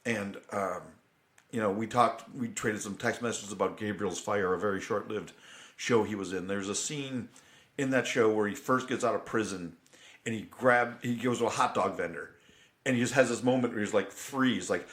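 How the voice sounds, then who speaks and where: A middle-aged man co-hosting a podcast, chatting casually and reflectively, getting animated when he recounts film scenes. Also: fairly low pitch, moderate pace. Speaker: podcast co-host. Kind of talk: casual chat. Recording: roomy echo.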